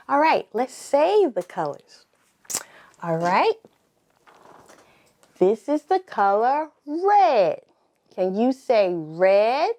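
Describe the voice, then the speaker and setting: A woman leading a toddler circle time lesson, prompting slowly and encouragingly with pauses for the children to repeat. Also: fairly high pitch, very animated, a little mellow. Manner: slow, drawn-out prompting with call-and-response pauses; sing-song, encouraging. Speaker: preschool teacher.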